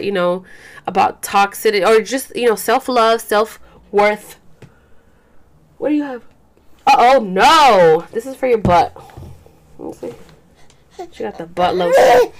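A young woman at home, talking candidly to her viewers in a loose, casual way, full of fillers and swearing. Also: mid-range voice. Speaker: vlogger. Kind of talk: casual talk to camera. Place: home, caring for a baby.

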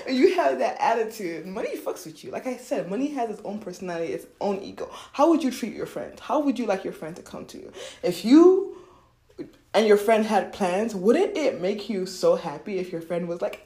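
Animated, swearing woman in a roomy space. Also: medium pitch, normal speed. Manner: animated, profane, laughs often. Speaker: self-help speaker. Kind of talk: casual motivational monologue. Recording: roomy echo.

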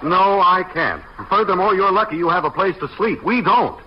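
A man's voice: high voice, normal speed, a crowd in the background, close to an everyday voice. A man playing a wisecracking, exasperated husband. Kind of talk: 1940s radio acting. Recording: muffled old radio recording with hiss.

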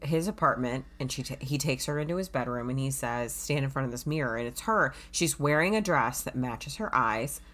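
Woman co-host, very deep voice, casual chat, reads book excerpts aloud. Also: expressive, normal speed, few pauses, fairly bright tone. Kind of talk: casual book-to-movie discussion.

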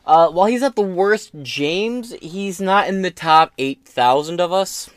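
A man's voice: high-pitched, animated, a little slow, clear, resonant tone, no echo, clean studio sound. A man hosting his own podcast, giving casual political commentary in a profane, joking, rambling way. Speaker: podcast host.

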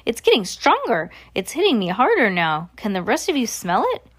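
A woman's voice: mid-range voice, normal speed, husky, voice pushed up. A woman reading aloud and voicing a tall female witch who urgently insists she smells something. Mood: alarmed. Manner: urgent, excited.

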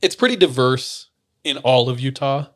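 A young man tells a story to a friend in relaxed podcast chat. He acts out what other people said and laughs along as he goes. His voice sits at an ordinary pitch for a man. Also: normal speed. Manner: animated storyteller, acts out quotes, laughs often.

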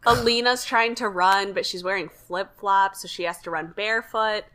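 Bright young woman recapping a show. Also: mid-range voice, fairly even intonation, moderate pace. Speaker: podcast co-host. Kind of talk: casual chat recapping a TV show.

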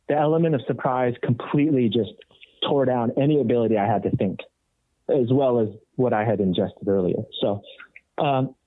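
A man's voice: medium pitch, no room sound. Guy musician telling a story on a podcast, acts out the voices, tinny phone-ish dry sound. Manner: animated, acts out quoted voices. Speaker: podcast guest, rock guitarist. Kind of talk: casual storytelling.

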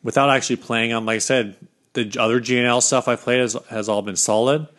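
A man's voice: mid-range voice, steady tone, fast talker, a bit bright. A man co-hosting a casual guitar podcast, rambling with restarts and dry jokes. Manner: rambling, many restarts and fillers, joking. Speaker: podcast co-host. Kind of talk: casual chat about guitars.

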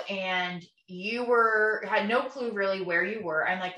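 A woman's voice: medium pitch, a little slow, hardly any pauses, bright, forceful tone. Talkative young woman, echoey room. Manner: emotional retelling with acted-out quotes, many fillers. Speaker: podcast co-host. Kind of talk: casual conversational storytelling. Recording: echoey room, voice a bit far from mic.

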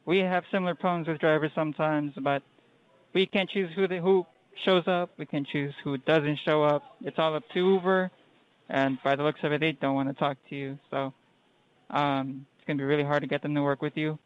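A man's voice: on the high side, fairly even intonation, brisk, clean tone, rough recording. A man working at a restaurant, answering a caller politely and hesitantly, apologizing and saying "sir" a lot. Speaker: restaurant worker on the phone. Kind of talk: phone customer service.

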